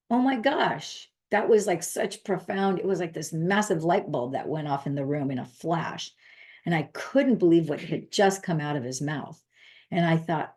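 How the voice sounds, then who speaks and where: A woman with a notably low voice hosts a casual wellness video, speaking straight to her viewers. She is earnest and emphatic, and she often repeats her key phrases to drive them home. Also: dark tone. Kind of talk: casual monologue to camera.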